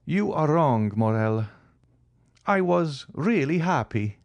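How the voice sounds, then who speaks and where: A man's voice: on the high side, big pitch swings, slow pace, gravelly, dry recording, pitched above the performer's own voice, exaggerated voice. Count of Monte Cristo, courtly, read by a man. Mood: grave. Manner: courtly and gently ironic, raised above the narration. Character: proud, secretive male count, middle-aged nobleman. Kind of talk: audiobook character reading.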